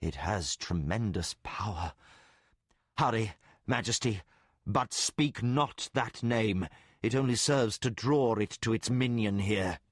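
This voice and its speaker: A man voicing a grave older priest who gives solemn, measured warnings. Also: on the low side, dry recording, clean studio sound. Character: grave older male priest, wise and cautious.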